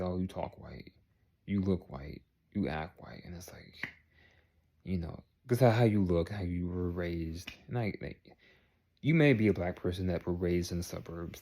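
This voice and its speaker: A man with a notably low, deep voice talks straight to his camera in a loose, rambling vlog. He circles back on his own phrases and keeps checking in with the viewer. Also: dark tone. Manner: rambling, repeats phrases, checks in with "all right?". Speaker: vlogger. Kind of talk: casual talk to camera.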